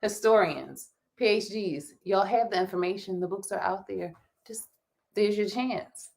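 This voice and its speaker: Animated laughing woman podcast host. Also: mid-range voice, unhurried, gravelly. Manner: animated, laughing, stammering restarts. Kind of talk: casual chat.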